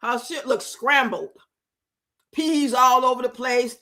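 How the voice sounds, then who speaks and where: Bright, high-pitched woman live-stream host, casual, profane, laughing, teasing. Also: takes it slowly. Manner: loud, profane, laughing and teasing, reads out chat comments. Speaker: livestream host. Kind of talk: casual live-stream chat reacting to a reality show.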